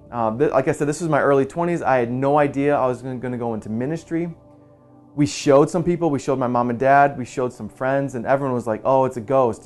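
A man in his forties, a pastor, telling an earnest personal story in a quiet, soft-spoken way. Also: medium pitch. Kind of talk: personal testimony in a church video. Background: soft guitar music.

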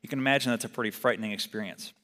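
A man's voice: mid-range voice, racing, fairly bright tone. A man preaching a sermon in a conversational way, asking the congregation to repeat words after him. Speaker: pastor. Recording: long hall reverb.

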